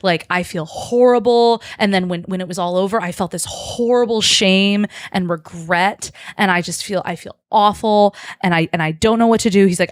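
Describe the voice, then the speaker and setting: A woman's voice: medium pitch, moderate pace, hardly any pauses, no echo. Chatty woman podcast host, dry sound. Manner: chatty, peppered with "like" and swearing. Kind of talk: casual retelling of a story.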